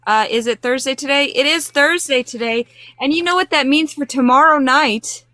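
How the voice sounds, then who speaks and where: A woman co-hosting a casual livestream, chatty and filling pauses with ums and uhs. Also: high voice, bright, forceful tone, dry recording. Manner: chatty, hesitant fillers. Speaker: co-host.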